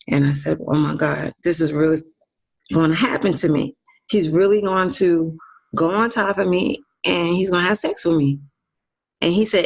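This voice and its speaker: A woman's voice: on the low side, gravelly. A woman giving a personal testimony to an online audience, speaking earnestly, repeating phrases and often turning to listeners directly. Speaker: guest speaker.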